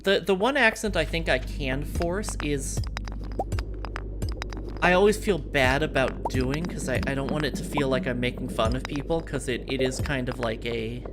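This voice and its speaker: A woman's voice: very deep voice, normal speed, over music. A woman streamer with a working-class American city accent, chatting casually and rambling with lots of fillers while playing a game. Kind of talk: casual chat while gaming.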